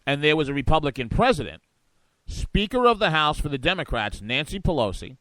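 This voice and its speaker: A man's voice: fairly high pitch, sing-song, a little fast, a bit bright, no room sound. A man hosting a talk show, giving combative, sarcastic political commentary. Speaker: radio talk show host.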